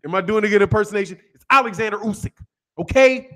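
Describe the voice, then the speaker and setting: A man's voice: high voice, fast, a bit bright. A man hosting a boxing channel, ranting in a brash, profane, trash-talking monologue.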